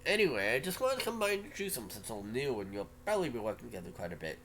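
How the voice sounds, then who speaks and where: A man's voice: medium pitch, very animated, racing, fairly bright tone, slight background noise. A man voicing a disheveled, middle-aged male scientist, speaking politely and formally in an altered voice.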